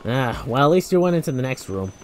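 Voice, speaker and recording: A man's voice: mid-range voice, big pitch swings, fast talker, a little mellow, slight background noise. A young man casually commentating a video game, rambling and joking with lots of fillers. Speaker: gameplay commentator. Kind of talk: casual let's play commentary.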